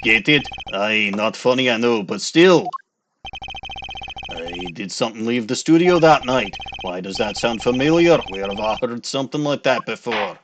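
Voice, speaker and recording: A man's voice: medium pitch, animated, moderate pace, background noise, close to an everyday voice. A man voicing a joking, over-the-top Scottish character, full of "aye" and "laddie", with game music playing behind. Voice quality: exaggerated rolled Scottish vowels, "aye" and "laddie".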